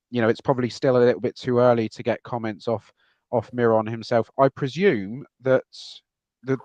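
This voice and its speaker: A man's voice: medium pitch, no echo, dull audio. A man hosting a live football podcast stream, chatting casually and reading out viewer comments. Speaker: podcast host.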